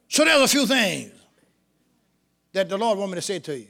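Very animated and gravelly, this high-pitched pastor shouts his sermon at a moderate pace, leaving long pauses. His call-and-response preaching draws replies from the congregation, recorded live in the church sanctuary.

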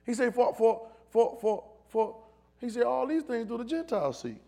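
A man preaching a sermon in a call-and-response style, building from low asides to loud shouted calls, with speech. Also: big pitch swings, normal speed, vocal fry.

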